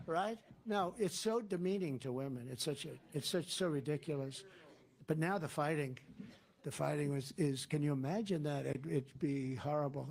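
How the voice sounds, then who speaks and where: A man's voice: fairly high pitch, steady tone, normal speed, vocal fry, darkish tone, breathy edge. A man giving a campaign rally speech as a political candidate, talking in a rambling, digressive, repetitive way.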